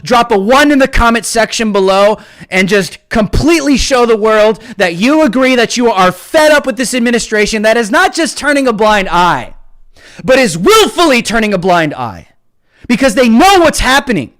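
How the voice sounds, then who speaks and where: Man, live-stream host, impassioned political rant, very high voice, shouts and taunts.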